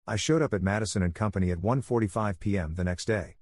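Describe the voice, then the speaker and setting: A man calmly narrating a first-person story in a soothing, even voice for listeners to fall asleep to. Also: lowish voice, fast talker, hardly any pauses, no echo.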